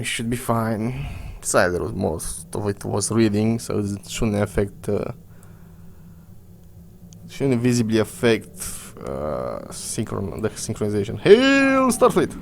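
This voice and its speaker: A man's voice: fairly low pitch, vocal fry, a little hiss or hum. A man giving casual gameplay commentary, muttering to himself and cursing. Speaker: gamer. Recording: faint game music behind.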